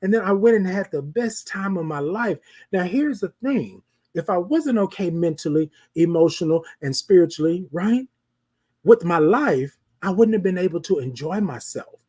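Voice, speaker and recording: Husky host giving a motivational pep talk. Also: medium pitch, animated, moderate pace. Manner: repetitive, preacherly, asks the audience rhetorical questions; addresses listeners as ladies and gentlemen. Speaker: host of a live show.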